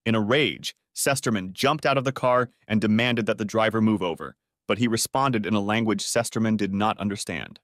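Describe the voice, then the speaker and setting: A man's voice: fairly low pitch, fairly quick, few pauses, no echo. A man narrating a dramatic audiobook story in a scripted reading, on a close studio mic.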